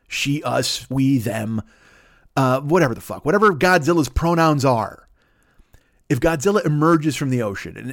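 A man riffing crudely and rambling on a comedy podcast, going into silly voices now and then. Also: mid-range voice.

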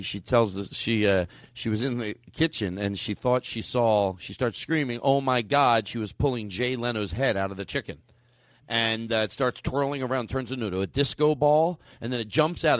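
A man's voice: on the low side, no echo, clean studio sound. A man hosting a comedy podcast, improvising a wild, silly story. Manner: playful, spins absurd stories. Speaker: podcast host.

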